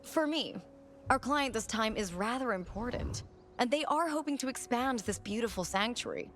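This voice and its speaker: A woman's voice: fairly high pitch, expressive, moderate pace, a little hiss or hum, close to an everyday voice. An actress voicing a composed female business liaison in a video game, speaking in a businesslike way. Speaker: game character.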